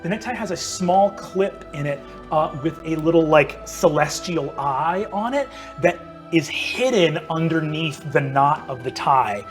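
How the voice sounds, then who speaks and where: A man's voice: a little high, animated, measured pace. Casual male game master in his thirties, loose and rambling, light music underneath. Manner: casual, with many ums and likes. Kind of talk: narrating a tabletop game.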